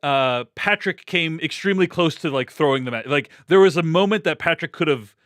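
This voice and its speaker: A man's voice: fairly high pitch, animated, brisk, a bit bright, no room sound, clean studio sound. A man hosting a casual film discussion, hesitantly checking his understanding with frequent questions.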